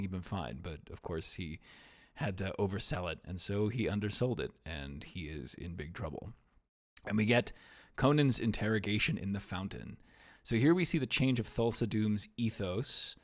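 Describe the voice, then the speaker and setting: A man with a low voice hosts a casual film podcast. He rambles and jokes in a wry, meandering way, and his sentences often sink into quiet mumbles. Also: animated, normal speed. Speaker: podcast host.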